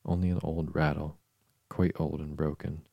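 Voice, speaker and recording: A man reads a polite little girl who is earnest and quick to turn indignant. His voice stays very low and dark, with a gravelly edge. The recording is close and dry. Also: level tone, dry recording, exaggerated voice. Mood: cheerful. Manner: prim, indignant, then timid. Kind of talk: audiobook character reading.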